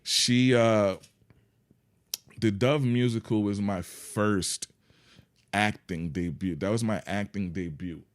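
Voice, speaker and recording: A man who is a guest on a podcast, talking in a calm, laid-back way that is full of "man" and "you know what I mean". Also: on the low side, slow pace, long pauses. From Yonkers, New York. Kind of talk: casual interview chat.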